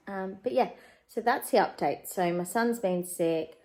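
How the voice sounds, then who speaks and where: Australian woman, 30s, home vlogger, casual and candid, gets soft and emotional about the kids. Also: medium pitch, normal speed, low-quality recording. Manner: candid and chatty, turns quiet and emotional about parenting. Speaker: vlogger, working mum. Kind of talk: casual chatty life update. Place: at home, in her living room.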